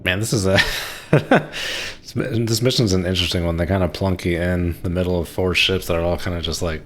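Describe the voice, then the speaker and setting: A man's voice: sits low, fairly even intonation, fairly quick, a little hiss or hum. A man giving casual, chatty commentary while playing a naval warfare game, laughing and talking to himself. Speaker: streamer.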